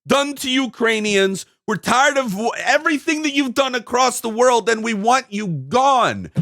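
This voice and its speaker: An American video host rants to camera in a heated solo monologue, his voice high and animated. He's emphatic and keeps repeating phrases.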